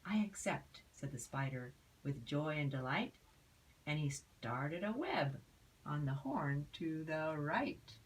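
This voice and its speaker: An older woman reading a rhyming picture book aloud, expressive, with asides to a child. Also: low voice, takes it slowly, far from the mic, a little hiss or hum, rough recording. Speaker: storyteller.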